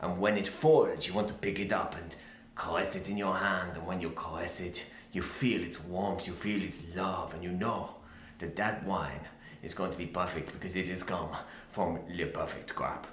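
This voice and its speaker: A man voicing a pompous middle-aged male winemaker in a slow, sensual comic monologue over a video call. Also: deep voice, fairly even intonation, fairly bright tone, a little hiss or hum. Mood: doting. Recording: echoey room.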